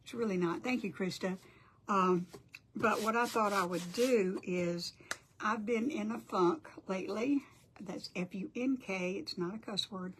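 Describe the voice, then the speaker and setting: A woman's voice: mid-range voice, measured pace, fairly bright tone, a little hiss or hum. An older woman hosting a casual crafting livestream, chatty and apologetic as she greets viewers by name.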